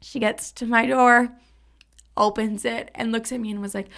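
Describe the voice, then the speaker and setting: A woman's voice: on the high side, little pitch movement, moderate pace, vocal fry, a bit bright. A young woman in her twenties telling a personal story in a casual, profane and dramatic way, acting out what people said. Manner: candid, profane, dramatic retelling with acted-out quotes. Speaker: podcast host.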